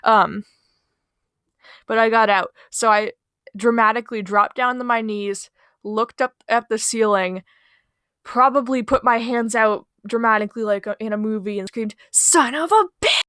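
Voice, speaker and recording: A young woman telling funny childhood stories in a casual, rambling voice-over, mocking herself and drifting into quiet asides. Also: fairly high pitch, fairly even intonation, moderate pace, clear, resonant tone, no room sound, clean studio sound. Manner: rambling, self-deprecating, trails off into quiet asides. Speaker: storytime channel host. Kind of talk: casual storytime narration over a speedpaint. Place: small bedroom. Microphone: home recording mic, voice-over.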